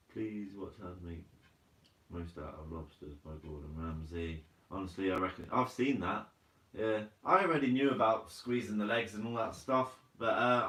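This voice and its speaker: A lowish, fairly bright male voice belongs to a laid-back live streamer who chats easily with his audience. He reads their comments out, laughs frequently and uses "mate" a lot, and the distant mic makes the audio roomy.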